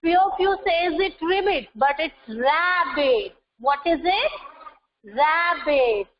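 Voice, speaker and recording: A woman teaches young children over an online class. Her voice sits high and she talks slowly, drilling words one at a time. The sound is dull and lo-fi, as if from a laptop mic. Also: lively intonation. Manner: slow, repeats words for pronunciation drills.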